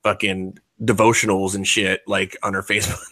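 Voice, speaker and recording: A man's voice: deep voice, level tone, normal speed, bright, forceful tone, dry recording. A man in his forties talking in a rambling, profane way, full of fillers and restarts. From United States. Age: 40s. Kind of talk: casual chat.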